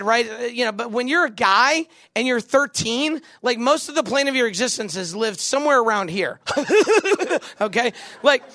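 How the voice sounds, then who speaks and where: A man in his forties telling a comedic story to a live audience, animated and jokey, putting questions to the crowd. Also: very high-pitched, dry recording. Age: 40s. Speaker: camp speaker.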